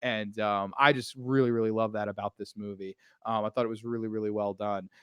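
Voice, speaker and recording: A man hosting a casual podcast chat, gushing with excitement and swearing freely. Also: fairly low pitch, fairly quick, clear, resonant tone, no echo, clean studio sound. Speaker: podcast host.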